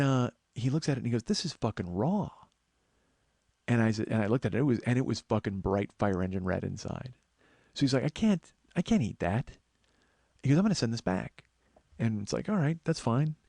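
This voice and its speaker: Fast-talking, animated man telling a rant. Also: medium pitch, no echo. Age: middle-aged. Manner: exasperated rant, swearing, quoting others. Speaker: comedian and podcast host. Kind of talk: storytelling monologue.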